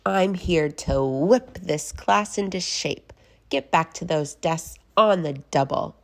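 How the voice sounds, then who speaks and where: A woman voicing a mean, strict substitute teacher with a scratchy voice, talking slowly and menacingly in a storybook reading. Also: on the low side, gravelly. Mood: stern. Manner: slow, menacing, drawn out.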